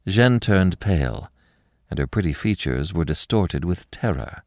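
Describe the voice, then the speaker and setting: A man narrating a classic story as podcast host, expressive and measured in his storytelling. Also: extremely low pitch, no room sound, clean studio sound.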